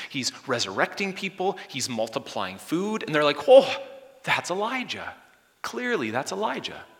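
A man preaching a sermon, swinging from loud exclamations to hushed whispers. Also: mid-range voice. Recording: long hall reverb.

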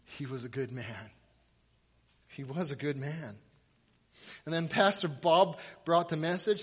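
Earnest, high-voiced male preacher. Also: in a large hall. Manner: earnest, emphatic storytelling with repetition. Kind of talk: sermon.

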